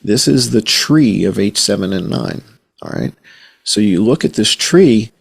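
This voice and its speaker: A man, a journalist guest on a podcast, talking in an animated, conspiratorial storytelling way and swearing casually. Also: on the low side, measured pace, gravelly, husky. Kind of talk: podcast conversation.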